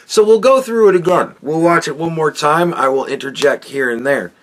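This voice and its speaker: A man's voice: a little high, normal speed, a bit bright. A man hosting a podcast, ranting crudely and mockingly with heavy swearing as he reacts to a clip. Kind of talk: profane ranting commentary.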